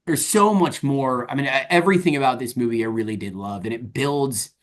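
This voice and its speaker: A man co-hosting a casual movie podcast, relaxed and hesitant, filling gaps with ums and letting his sentences trail off quietly. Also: medium pitch, a little fast. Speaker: podcast co-host.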